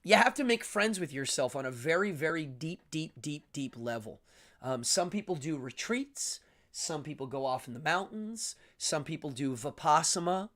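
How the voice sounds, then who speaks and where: This is a man with an English accent hosting a casual livestream monologue from home. His voice sits slightly high, and he rambles enthusiastically with frequent ums. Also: animated, moderate pace, fairly bright tone. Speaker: livestream host.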